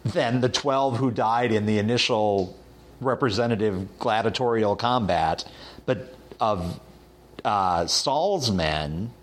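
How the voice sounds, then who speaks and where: A man's voice: on the low side, takes it slowly, a little hiss or hum. A man leading a conversational Bible study, retelling a story with lots of fillers and restarts. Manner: animated retelling with hesitant fillers. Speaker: Bible teacher.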